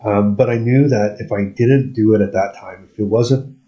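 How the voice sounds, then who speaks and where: A man's voice: on the low side, moderate pace, dark tone, highs cut off. A man from Canada telling rambling stories in casual chat, restarting sentences and laughing often.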